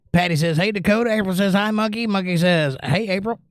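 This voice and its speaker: A man's voice: high-pitched, a little hiss or hum. An older man hosting a music livestream, reading viewers' comments aloud in a casual, joking way. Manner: animated, reads chat aloud and jokes.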